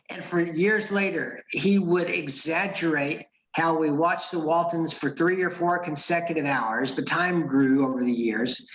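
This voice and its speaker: A man's voice: a little high, fairly bright tone. Wry middle-aged man telling a story, roomy. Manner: wry, measured storyteller with dry asides. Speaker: club speaker. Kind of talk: personal storytelling speech. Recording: roomy echo.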